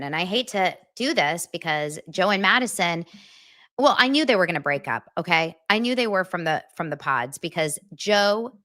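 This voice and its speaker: A woman hosting a pop culture show who recaps reality TV in a blunt, profane, animated style. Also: on the low side. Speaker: pop culture podcast host. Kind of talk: casual gossip recap.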